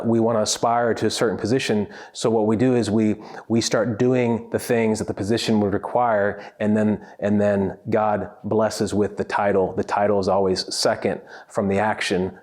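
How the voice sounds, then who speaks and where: A man's voice: lowish voice, darkish tone. A male pastor reflecting earnestly on his church's year, often repeating words as he starts a thought. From United States.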